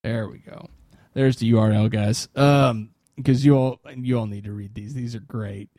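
A man hosting a loose podcast conversation, laughing as he spins a story. His voice is mid-pitched and sits close and dry, with no room around it. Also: fairly even intonation, normal speed, mellow, no room sound. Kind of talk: casual group chat.

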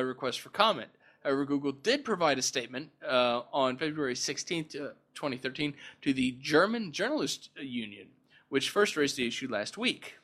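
Podcast host, male, slightly high-pitched, reads news then mocks it with dry sarcasm and stumbling asides. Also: a bit bright. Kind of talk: casual news commentary.

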